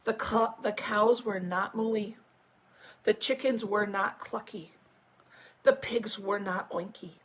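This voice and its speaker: A woman school principal reading a picture book aloud to children, with animated storytelling and chatty asides. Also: mid-range voice, slow, slight background noise. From United States.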